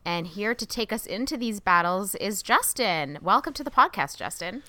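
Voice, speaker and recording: A woman hosting a podcast in an upbeat, brisk way. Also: mid-range voice, animated, very noisy. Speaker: podcast host. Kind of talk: casual podcast talk.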